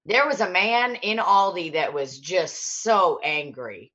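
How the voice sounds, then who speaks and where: A woman hosting a podcast in casual chat, telling animated stories and swearing freely. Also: lowish voice, slow pace, highs cut off. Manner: chatty storyteller, swears freely, animated retelling. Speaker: podcast host.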